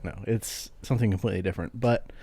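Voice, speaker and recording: A man's voice: lowish voice, steady tone, fast talker, warm tone, no room sound. A man co-hosting a podcast in casual chat, laughing often and stumbling into restarts. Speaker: podcast co-host.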